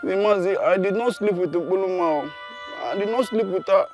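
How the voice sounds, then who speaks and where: A man's voice: high voice, moderate pace, darkish tone, faint music behind, close to an everyday voice. An actor with a Nigerian English accent playing a stammering young man who pleads and complains. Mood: pleading.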